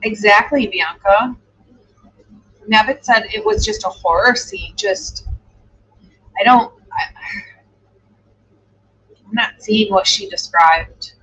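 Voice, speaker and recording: Speaking slowly and pausing often, a woman with a medium-pitched, breathy voice runs a live true crime stream. She thinks out loud as she reacts, drifts into hesitant musing, and coos gently at her dog, all in dull lo-fi audio.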